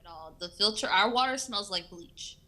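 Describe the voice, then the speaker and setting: Bright-voiced woman, matter-of-fact. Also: mid-range voice, normal speed. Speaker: audience member, parent. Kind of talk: personal testimony at a panel.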